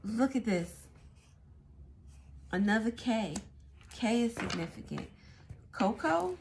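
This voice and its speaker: A woman giving a casual tarot reading, thinking out loud as she goes. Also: a little high, very animated, slow pace, noisy background. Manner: musing aloud, thinking out loud. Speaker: tarot reader.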